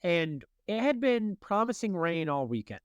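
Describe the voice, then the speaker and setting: A man around forty, co-hosting a podcast, telling animated stories in casual chat with laughs. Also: high-pitched, normal speed, smooth, no echo. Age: late 30s to early 40s. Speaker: podcast co-host.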